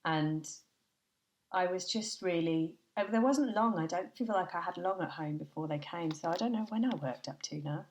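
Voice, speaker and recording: A woman's voice: fairly low pitch, moderate pace. Chatty woman telling stories in a roomy space. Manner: lively anecdotes with bursts of laughter. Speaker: podcast guest. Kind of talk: chatty storytelling.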